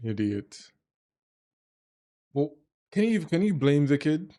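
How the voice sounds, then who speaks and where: A man giving casual, animated reaction commentary on a movie, swearing freely. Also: on the high side, normal speed, faint music behind. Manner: animated, swearing, laughing at scenes.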